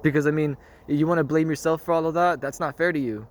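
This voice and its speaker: A man's voice: a little high, fairly even intonation, fast talker. A man talking through a reflective monologue in an earnest, rambling way, often repeating himself and checking in with "you know what I mean?". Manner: earnest, circles back to one phrase. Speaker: spiritual vlogger.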